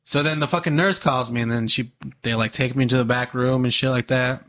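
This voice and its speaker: A man's voice: mid-range voice, steady tone, brisk, a bit bright. Young man telling a profane story. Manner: profane storytelling, laid-back slang. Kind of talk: casual chat.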